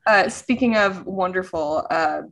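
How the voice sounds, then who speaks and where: A woman's voice: on the low side, unhurried, vocal fry, fairly bright tone. A woman co-hosting a casual chat over a video call, gushing and laughing often. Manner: giggly, gushing, acts out quotes. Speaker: podcast co-host. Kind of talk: casual chat about an anime.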